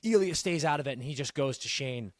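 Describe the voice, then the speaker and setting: A man co-hosting a podcast who retells TV scenes in casual, animated chat and swears freely. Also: medium pitch, a little fast, no echo, studio quality. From Canada. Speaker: podcast co-host.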